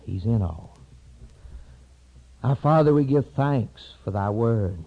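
A man preaching an impassioned sermon, rising to high cries and dropping to hushed, low tones. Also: lively intonation, slow, phone-quality sound.

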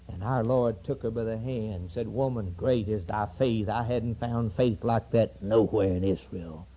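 A man preaching an impassioned sermon, rising to high cries and dropping to hushed, low tones. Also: moderate pace, hardly any pauses, rough recording.

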